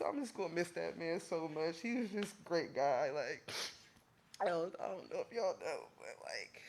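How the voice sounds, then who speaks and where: A tearful man giving an emotional eulogy as a family friend at a funeral, his voice breaking and his speech halting and full of fillers. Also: on the high side, lively intonation, creaky.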